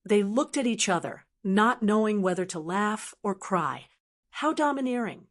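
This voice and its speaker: Woman audiobook narrator, mid-pitched, even and measured, scripted narration.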